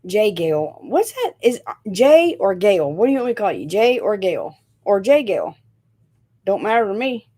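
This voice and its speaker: A woman's voice: medium pitch, big pitch swings, moderate pace, dark tone. A middle-aged woman from Indiana with a Southern Tennessee accent, chatting casually on a live stream, rambling and correcting herself as she goes. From northern Indiana, raised in Tennessee. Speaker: host of a live chat stream.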